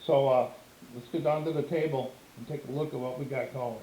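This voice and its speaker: A man's voice: medium pitch, fairly even intonation, brisk, dark tone, a little hiss or hum, rough recording. An older man casually walking through a tabletop game setup, talking in a plainspoken, meandering way on camera at home. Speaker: board game demonstrator. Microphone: camera microphone.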